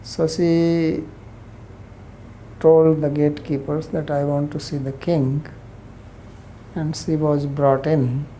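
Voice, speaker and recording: Woman lecturer, low and mellow voice, unhurried storytelling of scripture. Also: little pitch movement, slight background noise, low-quality recording. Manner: retells the story in plain words, quoting its characters. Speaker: scripture teacher.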